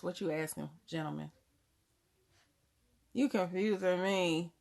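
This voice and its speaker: Chatty southern woman with gravelly voice. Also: fairly low pitch, takes it slowly, long pauses, a little mellow. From Germany. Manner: chatty, laughs often, answers viewers; drops words, casual grammar. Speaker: livestream host. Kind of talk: casual live chat reading comments.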